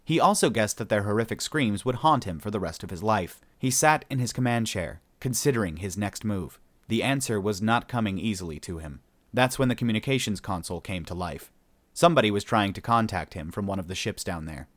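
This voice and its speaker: A man's voice: lowish voice, no room sound. A man narrating a sci-fi story as an audiobook reader, storytelling steadily and voicing each character.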